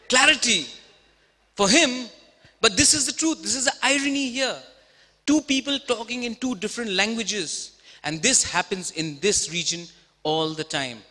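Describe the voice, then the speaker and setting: A man's voice: sits high, slow, long pauses, sharp tone. A man giving an emphatic talk on stage, firing rhetorical questions at the audience. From India. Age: 30s. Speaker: speaker. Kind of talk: TEDx talk. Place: auditorium stage. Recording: reverberant auditorium.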